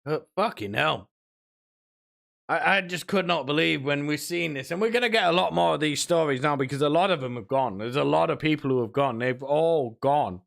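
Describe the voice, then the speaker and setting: A man's voice: a little high, moderate pace, gravelly, a bit bright. A man ranting and mocking as a streamer, sweary and sarcastic, often putting on whiny voices.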